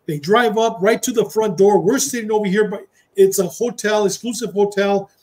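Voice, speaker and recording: A man's voice: high voice, moderate pace. A middle-aged man, a retired police officer, telling a story in a casual interview and acting out the dialogue with Spanish phrases. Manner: animated storyteller who acts out dialogue, slipping into Spanish phrases.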